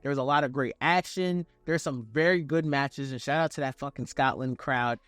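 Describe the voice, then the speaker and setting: A man's voice: medium pitch, moderate pace, a bit bright, no echo. A young man giving a casual, profane, slang-filled review of a wrestling event as the channel's host.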